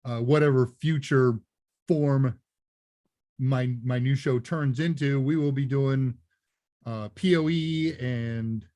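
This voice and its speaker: A man's voice: medium pitch, a little mellow. A middle-aged man hosting a live Q&A stream, chatting casually, rambling and correcting himself, laughing now and then. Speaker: live Q&A show host.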